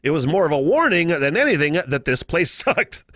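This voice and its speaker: An American man hosting a casual podcast, full of profanity and quick laughs. His voice sits a little high and bounces around a lot. He is recorded close and dry. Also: very animated, a bit bright, no room sound. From United States. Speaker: podcast host. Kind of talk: casual solo podcast chat.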